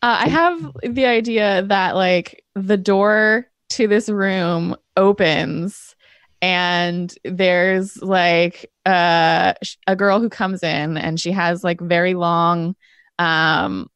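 Brief: lowish-voiced woman player, rambling, dry close sound. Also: fairly even intonation, slow pace, a bit bright, smooth, no echo. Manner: rambling, filler-heavy description. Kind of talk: describing her character in a tabletop game.

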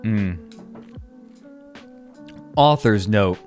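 A man streaming a comedic dramatic reading, deadpan and slow, with laughing asides. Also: fairly low pitch, soft background music. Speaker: streamer reading a fanfic aloud.

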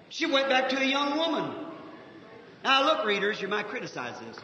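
A man preaching a fervent, folksy revival sermon, shifting from soft asides to shouts, on a 1950s archive recording with faint hiss. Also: very high voice, huge pitch swings, moderate pace, roomy sound, big-room sound, poor audio.

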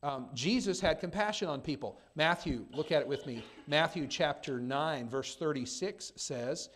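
A male pastor preaching a sermon, with talk that swings between soft and loud, reading old-fashioned scripture and turning to his congregation with conversational asides. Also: fairly high pitch, moderate pace, hardly any pauses.

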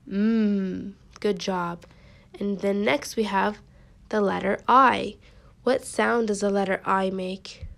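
A woman with a medium-pitched, gravelly voice leads a kindergarten phonics lesson, sounding out letters slowly and praising the children often.

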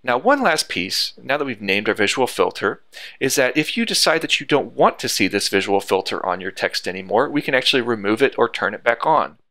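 A man teaching a software tutorial over a screen recording, explaining each step methodically. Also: mid-range voice, very animated, a little fast, dry recording.

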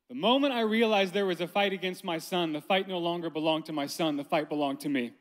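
A man's voice: a little high, quick pace, hardly any pauses. A man in his thirties preaching at a conference, telling a family story with humor and speaking directly to the audience. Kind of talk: sermon with personal story. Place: large conference hall. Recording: long hall reverb.

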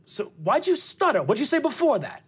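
A performer voicing a blunt, profane older man in a tabletop game, low and dismissive. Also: very animated, brisk. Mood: taunting. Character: gruff older man, profane, short-tempered shopper.

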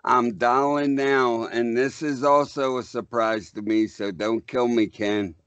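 Un hombre, copresentador de radio, que habla con calma mientras marca una llamada. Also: male voice, medium pitch, unhurried, clear, resonant tone, no echo, lo-fi sound. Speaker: radio show co-host. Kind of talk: casual radio chat.

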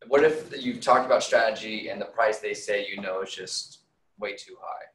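A man in the audience asking a soft, hesitant question at a training session. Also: lowish voice, moderate pace, a little hiss or hum. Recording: echoey room from far off.

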